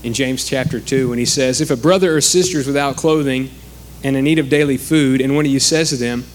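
A man's voice: medium pitch, brisk, slight background noise. A man preaching a sermon in a conversational way, acting out the quoted speakers.

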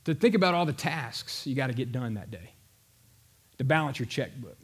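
A man preaching a sermon in a conversational, animated storytelling manner. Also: mid-range voice, normal speed, slightly rough. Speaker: pastor.

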